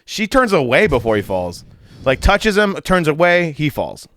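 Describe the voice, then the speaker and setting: A man co-hosting a casual podcast chat, retelling video clips in a lively play-by-play way. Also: on the high side, moderate pace. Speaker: podcast co-host.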